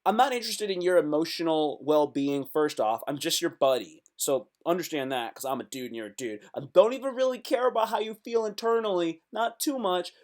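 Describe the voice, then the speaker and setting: A man's voice: fairly high pitch, a little fast, few pauses, darkish tone. A man hosting a comedic live stream, rambling through jokes, swearing freely and breaking into freestyle rap.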